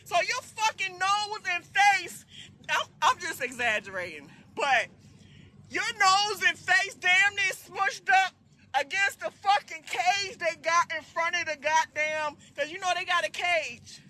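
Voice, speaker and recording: A woman vlogger telling a story casually, loud and profane, often breaking into laughter. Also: very high voice, animated, unhurried, a little hiss or hum. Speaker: trucking vlogger.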